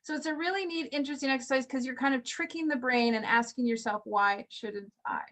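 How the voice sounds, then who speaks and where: A woman's voice: sits high, fast talker, a bit bright. A woman leading a group video call as a motivational coach, enthusiastic and encouraging, full of rhetorical questions.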